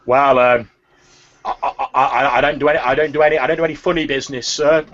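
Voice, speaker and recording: A man's voice: mid-range voice, little pitch movement, fast talker, a bit bright, lo-fi sound, voice pushed up, natural voice. A man voicing a nervous, fawning woman who sells turnips, stammering and calling everyone sir.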